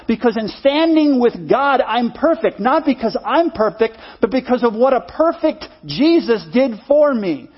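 A middle-aged man preaches from the pulpit with a high, husky voice, repeating his points earnestly and calling the congregation to answer back. The recording is dull and lo-fi. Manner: earnest, repetitive preaching with call-and-response. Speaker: pastor. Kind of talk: sermon.

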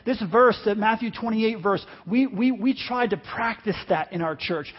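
Impassioned high-voiced male preacher, husky. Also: moderate pace, muffled recording. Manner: impassioned, emphatic preaching with repetition. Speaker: pastor. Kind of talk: sermon.

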